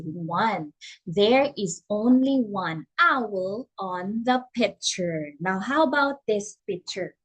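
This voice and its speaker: A woman teaching English to a young child online, patient and encouraging, with exaggerated prompts. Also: medium pitch. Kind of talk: slow demo lesson for a young learner.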